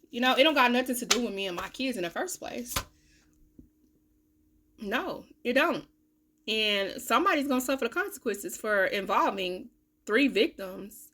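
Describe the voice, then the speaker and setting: A young woman, venting bluntly and with profanity in a candid vlog, her voice swinging from loud to a low mutter, with a cough now and then. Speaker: vlogger, self-styled life coach. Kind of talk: candid talking-to-camera vlog.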